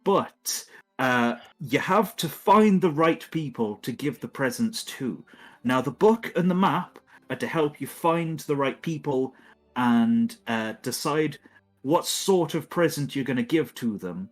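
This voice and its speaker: A man voicing a towering, harried male Christmas boss, attempting an Irish accent that slips into West Country, talking in a hurried, bossy, exasperated way. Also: mid-range voice, lively intonation, soft background music, pitched above the performer's own voice. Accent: attempted Irish slipping into West Country.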